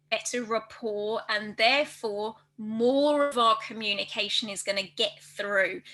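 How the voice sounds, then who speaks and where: A woman presenting a workplace training video, speaking fast and loudly with careful articulation. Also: a little high, poor audio. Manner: fast, loud and well articulated.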